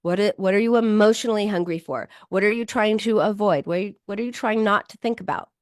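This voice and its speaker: A middle-aged woman psychologist talking to viewers in a lively self-help style, acting out inner voices and joking at her own expense. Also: mid-range voice, fast talker, no room sound, studio quality. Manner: animated, self-deprecating, acts out inner voices. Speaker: psychologist and show host.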